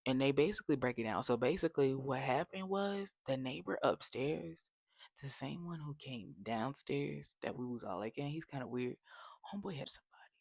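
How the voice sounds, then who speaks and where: A young adult man telling a casual storytime, animated and slangy, dropping to whispers for effect. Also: mid-range voice, moderate pace, gravelly, no echo. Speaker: vlogger.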